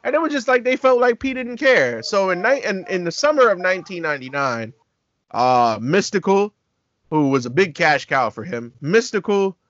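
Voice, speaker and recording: A man co-hosting a casual talk show, telling stories in a lively way and acting out quotes with laughter. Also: high voice, moderate pace, dry recording, muffled recording. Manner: animated, acts out quotes with laughter. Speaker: podcast co-host. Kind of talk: casual storytelling chat.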